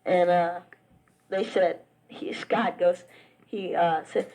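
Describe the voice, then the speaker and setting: A man's voice: sits high, fairly even intonation, slow, a little mellow, poor audio. A teenage boy recording a casual, rambling spoken letter to a friend on a home cassette recorder, chatty and full of restarts. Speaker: family member sending a taped letter.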